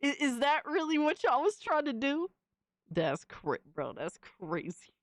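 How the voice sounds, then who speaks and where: A woman's voice: high-pitched, big pitch swings, unhurried, dry recording, clean studio sound. A young woman streamer reacting casually to fan images, slangy and exclamatory, often laughing.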